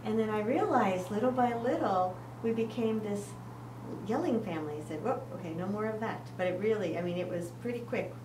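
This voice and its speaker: A woman's voice: medium pitch, a little fast. A woman in a class, sharing a personal story in a chatty, anecdotal way. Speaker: class participant. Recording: roomy, distant mic, faint hum.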